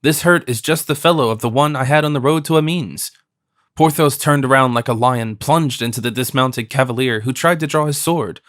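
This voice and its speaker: A man narrating an audiobook in a steady, even reading. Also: mid-range voice, no echo, studio quality. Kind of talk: scripted narration.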